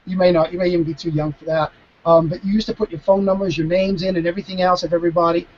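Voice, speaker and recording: A man, a mentalist guest, chatting casually over a video call, animated and stopping to restart his sentences. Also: high-pitched, racing, highs cut off, slight background noise. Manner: animated, acting out dialogue, frequent restarts. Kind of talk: casual storytelling Q&A.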